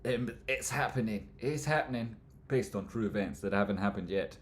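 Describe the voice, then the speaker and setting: Male streamer, low voice, rambling chat host, mumbles then loud jokey bursts, faint hum behind. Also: normal speed. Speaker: livestream host answering chat. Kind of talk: casual live chat, stock chart commentary.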